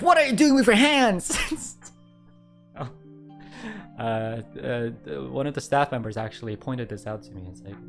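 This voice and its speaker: A man chatting casually on a stream, rambling with lots of fillers and restarts. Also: medium pitch. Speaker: virtual streamer.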